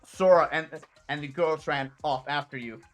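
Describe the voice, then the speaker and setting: A woman's voice: deep voice, normal speed, faint music behind, pitched below the performer's own voice, natural voice. A woman voicing a brash, bored male penguin boss who talks in a slangy, teasing street drawl. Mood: swaggering.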